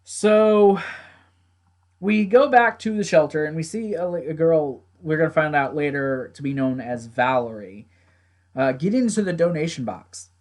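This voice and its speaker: A man's voice: on the high side, measured pace, a little mellow. A man recapping and reviewing a TV episode in a casual, rambling way, now and then swearing at himself or his gear. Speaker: TV show reviewer.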